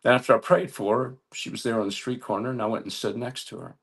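Male preacher, storytelling sermon, gravelly and husky, earnest and building. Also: medium pitch, steady tone. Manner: earnest, halting restarts building to emphatic appeals.

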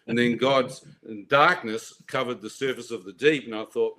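A man telling his personal faith testimony in an animated way, acting out voices and laughing at his own story. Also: medium pitch, normal speed, few pauses.

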